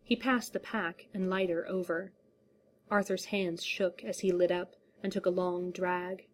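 Brief: woman audiobook narrator, lower pitch, unhurried, measured delivery. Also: little pitch movement, a little hiss or hum. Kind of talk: scripted story narration.

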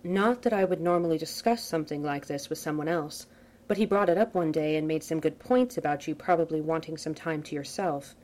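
A woman voicing an earnest, gentle and kind grown man who speaks softly and a little hesitantly. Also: low-pitched, brisk, close to an everyday voice.

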